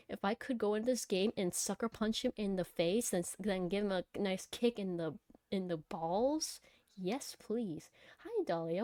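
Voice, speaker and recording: A woman streamer reading a visual novel aloud, cutting in with blunt, animated reactions between calm passages. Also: medium pitch, normal speed, no echo.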